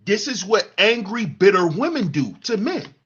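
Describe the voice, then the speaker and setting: A man's voice: high voice, big pitch swings, normal speed, fairly bright tone, breathy edge, muffled recording. A man hosting a heated commentary monologue, preaching at other men and mocking them in a whiny put-on voice. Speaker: commentary channel host. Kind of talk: heated monologue reading live chat.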